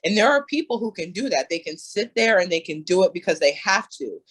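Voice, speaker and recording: A woman's voice: fairly low pitch, expressive, brisk, breathy edge, poor audio. A young woman talking candidly as a coaching client, earnest and emphatic, with many fillers and restarts. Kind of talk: candid conversation.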